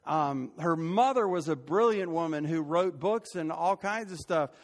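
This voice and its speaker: A man's voice: fairly high pitch, measured pace. An older man preaching a sermon as pastor, conversational and rising to emphatic peaks. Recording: long hall reverb.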